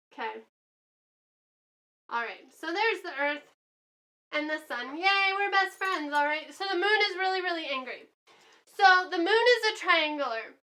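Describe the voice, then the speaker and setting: A woman's voice: sits high, bright, forceful tone. A woman teaching a lesson in a chatty way, acting out examples with many fillers. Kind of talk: classroom lesson.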